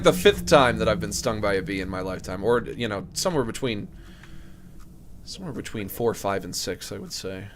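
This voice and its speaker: A man live-streaming a game, talking casually and joking, breaking into high shouts of disbelief. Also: a little hiss or hum. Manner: animated, jokey, bursts into high shouts of disbelief. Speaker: streamer playing a horror game.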